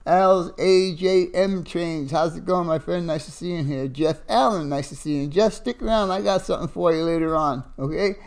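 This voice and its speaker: A man with a gravelly, slightly raised voice hosts a casual livestream. He greets viewers one at a time and pads his talk with fillers and chuckles. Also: fairly high pitch, moderate pace, few pauses, darkish tone. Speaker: livestream host.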